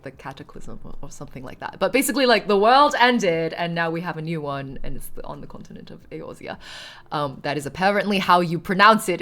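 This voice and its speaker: A woman live streamer chatting casually and rambling, laughing often and poking fun at herself. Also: low-pitched.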